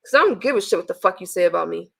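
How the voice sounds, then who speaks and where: A livestreamer bluntly vents to her viewers, swearing heavily and reading their messages aloud in an exasperated, profane manner. Her voice is fairly low, husky and creaky, with lively intonation and a very fast pace.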